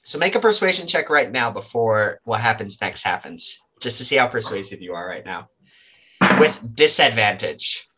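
A man's voice: fairly low pitch, very animated, moderate pace, pushed and bright, husky. A man running a tabletop game as game master, narrating loosely with lots of fillers.

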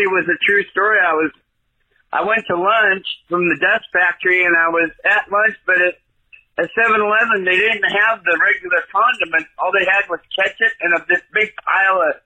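Man from Oregon, high-pitched voicemail caller, rambling and teasing. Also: pushed and bright, rough recording. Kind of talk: joking voicemail.

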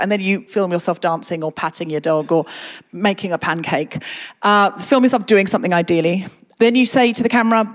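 A woman hosting a live podcast on a theatre stage, brisk, upbeat and chatty. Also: mid-range voice, lively intonation. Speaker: podcast host. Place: large theatre stage with audience. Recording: long theatre reverb with faint crowd.

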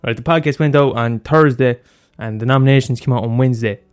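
Speaking briskly in a mid-range voice, this solo podcast host rambles in a loose, profane way. He swears a lot and keeps stumbling into fillers and restarts.

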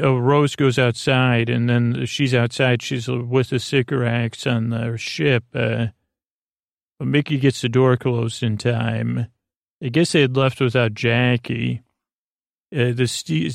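Flat, gravelly man rambling at bedtime. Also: mid-range voice, no room sound, clean studio sound. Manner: rambling and halting, many fillers and self-corrections; flat, unhurried delivery. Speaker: podcast host. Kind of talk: drowsy bedtime recap of a TV episode.

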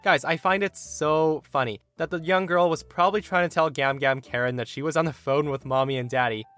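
A man narrating entitled-people stories as host, in an animated, expressive manner. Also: fairly high pitch, fairly quick, faint music behind. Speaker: story narrator and podcast host. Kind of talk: storytelling narration of reddit posts.

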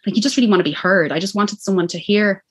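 An Irish woman in her thirties telling a personal story as a podcast guest, animated and acting out what people said. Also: medium pitch, slight background noise. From Ireland. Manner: animated, acts out quoted speech, quick laughs. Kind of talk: personal birth story, casual chat.

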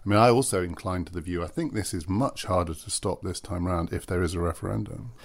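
A man's voice: deep voice, fast talker, gravelly. A man hosting a political podcast, thoughtful and hedging as he speaks. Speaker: podcast host. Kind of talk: panel discussion and sign-off.

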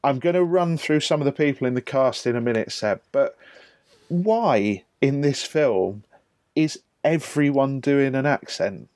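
A man's voice: medium pitch, unhurried, darkish tone, dry recording, studio quality. A man hosting a casual film podcast, jokey and incredulous, leaning hard on his points. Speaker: podcast host.

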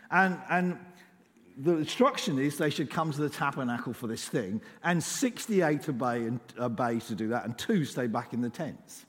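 A man's voice: fairly high pitch, lively intonation, normal speed, a bit bright. A man preaching a sermon in an informal, conversational way, rising in emphasis on key lines. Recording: echoey church hall.

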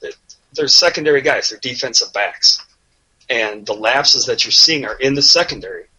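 A man with a husky, breathy edge and a bright, forceful tone. He talks sports with his co-hosts in a casual, profane, rambling way. His pitch sits mid-range for a man. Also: animated, moderate pace, rough recording. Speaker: podcast co-host.

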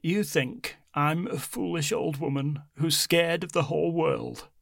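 Brief: scared, stubborn old nan, slow halting delivery, higher-pitched, a male narrator doing her. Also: gravelly, fairly bright tone. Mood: haunted, insistent. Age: older. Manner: slow, halting, trembling pleas. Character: frightened old grandmother, stubborn, tearful.

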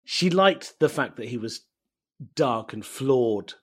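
A man from East London, a native Bengali speaker, telling animated, self-mocking stories as a guest in a casual interview. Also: mid-range voice, takes it slowly, husky. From East London, England. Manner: animated storytelling, laughs often, self-mocking.

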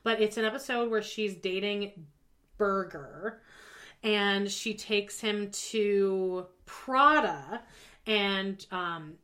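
A woman co-hosting a casual podcast, recapping a TV show in an animated way, swearing freely and acting out quotes. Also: medium pitch, slow pace. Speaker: podcast co-host.

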